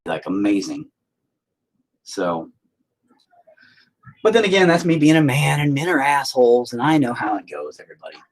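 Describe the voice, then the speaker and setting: A man's voice: mid-range voice, sing-song, normal speed, pauses often, rough recording. A man talking casually to the camera in a joking, profane, sidetracked monologue while he paints. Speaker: video creator.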